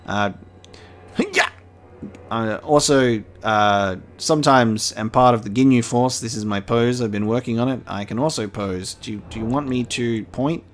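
A man's voice: mid-range voice, normal speed, close to an everyday voice. Guy doing his chatty samurai character showing off, rambling, pretty ordinary voice. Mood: cheerful. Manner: rambling, playfully boasting. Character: his own game hero, a cheerful male samurai.

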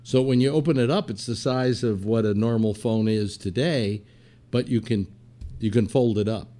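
An older man hosting a talk show podcast rambles through casual anecdotes, using lots of fillers and imitating people's words playfully. He speaks at normal speed in a dark tone, on the low side.

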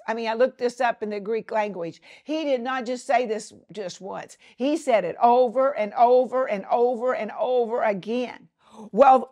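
A woman minister teaches from the Bible in an earnest, emphatic voice. She speaks slowly and reads scripture aloud at a mid pitch. The style is a televised sermon.

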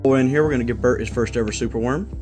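A man's voice: medium pitch, very fast, darkish tone, soft background music. A man vlogging about his exotic pets, rambling on and chatting to the animals as he goes. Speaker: exotic pet breeder and vlogger. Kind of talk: casual rambling vlog, walking around animal enclosures. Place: outdoors in a yard with animal pens, partly indoors at reptile tanks.

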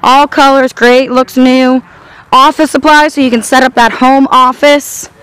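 Upbeat woman host, high and smooth, listing items at an outdoor auction. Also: steady tone, unhurried, a bit bright, poor audio. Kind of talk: walkthrough sales pitch.

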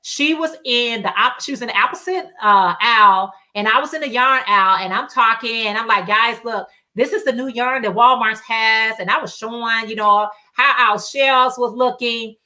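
A woman's voice: on the high side, normal speed, hardly any pauses, bright, forceful tone. A woman hosting a casual crafting livestream, telling chatty stories in colloquial speech and reading viewer comments aloud.

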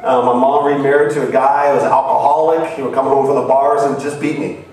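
A man's voice: medium pitch, level tone, quick pace, darkish tone. A missionary man from Ohio, preaching a sermon and telling stories earnestly, his voice rising to cries. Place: church hall. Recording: very echoey hall from far off.

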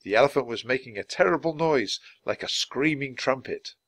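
Man reading a children's book, animated. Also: medium pitch, moderate pace, no room sound. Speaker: storybook reader.

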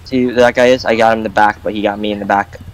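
A teenage boy chatting casually while gaming, goofy and quick to laugh at his own jokes. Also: lowish voice, little pitch movement, rough recording. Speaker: gamer.

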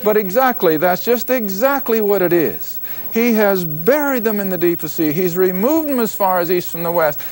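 An older man teaching a Bible lesson to a class, stressing key words slowly so they can write them down. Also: high-pitched, lively intonation, a little mellow. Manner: emphatic, repeats key words slowly for note-taking. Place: classroom with live audience.

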